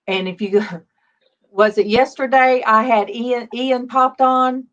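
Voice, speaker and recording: A woman's voice: a little high, fairly even intonation, slow pace, fairly bright tone. A woman in her fifties hosting a casual faith livestream, chatty and greeting viewers by name. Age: 50s. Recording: dull lo-fi stream audio.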